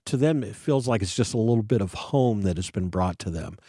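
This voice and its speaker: A man's voice: on the low side, animated, brisk, dark tone, no echo, studio quality. A male interview host who speaks earnestly, thanks his guest and brings in his own stories before asking questions. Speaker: podcast host. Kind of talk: interview conversation.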